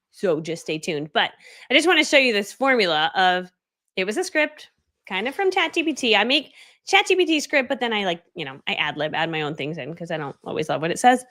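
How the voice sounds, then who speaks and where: A woman's voice: medium pitch, big pitch swings, a little fast, bright, forceful tone. A woman hosting a live video, teaching marketing in a chatty, laughing way and acting out quotes. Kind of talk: casual live-stream teaching.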